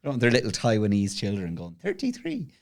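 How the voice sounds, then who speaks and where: An Irish man with a mid-pitched voice co-hosts a casual podcast. He teases and jokes with his guest. His talk stays loose and friendly. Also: lively intonation. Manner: teasing, quick to joke. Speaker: podcast co-host.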